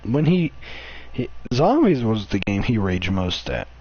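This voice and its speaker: A man's voice: fairly low pitch, sing-song, measured pace, a little mellow, slightly rough. A young man streaming and chatting with a friend, telling stories with lots of swearing and giggling. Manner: profane, giggly storytelling. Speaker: streamer reacting to old clips. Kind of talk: casual chat with a friend. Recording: dull lo-fi audio with faint hiss.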